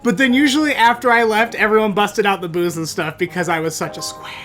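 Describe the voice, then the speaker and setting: Animated man telling a comedic story. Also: sits high, fast, faint music behind. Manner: animated, theatrical, bursts into exclamations. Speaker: storytelling podcast host.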